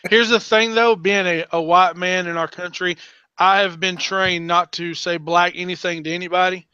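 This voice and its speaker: A man's voice: high voice, steady tone, normal speed, pushed and bright, lo-fi sound, slight background noise. A man from Alabama with a Southern accent, chatting casually on a podcast and joking at his own expense. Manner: self-deprecating, laughing often. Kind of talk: casual chat.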